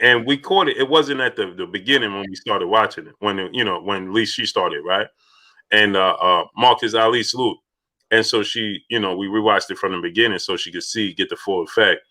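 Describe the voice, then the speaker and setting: A man hosting a casual live-stream chat, asking rhetorical questions and shouting out viewers by name. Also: fairly low pitch, a little fast. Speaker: host.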